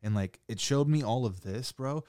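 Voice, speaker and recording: A young man telling a wild story in casual chat, saying "like" a lot and swearing freely, getting animated. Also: medium pitch, moderate pace, clean tone, no echo, studio quality. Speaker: podcast guest.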